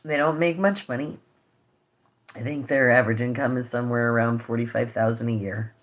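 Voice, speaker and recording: A woman's voice: extremely low pitch, steady tone, a little fast. A woman vlogger talking straight to her viewers, earnest and impassioned, emotional and holding back tears. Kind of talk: direct-to-camera vlog update.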